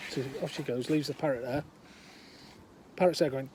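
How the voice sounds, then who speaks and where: A man's voice: medium pitch, normal speed, a little mellow, husky. An older man with a chatty, meandering manner, telling a long joke outdoors. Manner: meandering, chatty, many fillers. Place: outdoors, windy.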